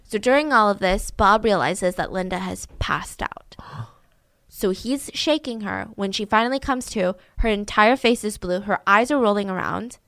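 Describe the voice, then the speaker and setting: A woman hosting a podcast, telling a true story in an animated way and acting out the voices. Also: medium pitch, normal speed, few pauses, no room sound, studio quality. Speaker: podcast host. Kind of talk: storytelling true-crime narration.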